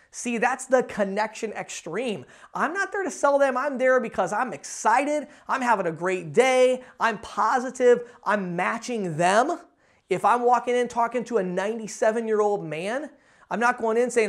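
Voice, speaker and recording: A man giving a sales training talk to camera, energetic, acting out sample pitches in shifting tones. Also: normal speed.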